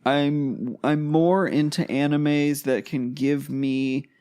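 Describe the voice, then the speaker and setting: A man's voice: on the high side, fairly even intonation, slow pace, darkish tone. A man co-hosting a podcast who runs tabletop games, talking casually and hesitantly, often restarting his sentences. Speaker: podcast co-host, tabletop game master. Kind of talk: casual chat.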